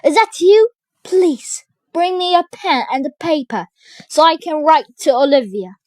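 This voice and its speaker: A woman's voice: sits high, lively intonation, takes it slowly, dry recording. Woman playing a desperate locked-up steward. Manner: pleading.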